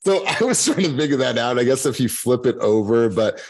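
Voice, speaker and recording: A man's voice: mid-range voice, animated, fairly quick, darkish tone, breathy edge. A man leading a sales team meeting as coach, talking emphatically in a preachy, repetitive way. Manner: emphatic, preachy, fond of repeating himself. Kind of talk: motivational coaching talk.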